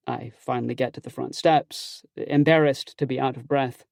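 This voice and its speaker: Gravelly, wry male audiobook narrator. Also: medium pitch, fairly even intonation, normal speed, hardly any pauses, darkish tone, no echo, studio quality. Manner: wry, self-conscious, conversational. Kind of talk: scripted first-person narration.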